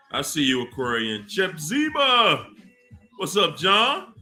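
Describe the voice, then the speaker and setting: A man hosting a casual livestream, slowly reading out names from the chat with warm laughs. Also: on the high side, very animated, faint music behind. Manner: slow, drawn-out shout-outs with laughs. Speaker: livestream host.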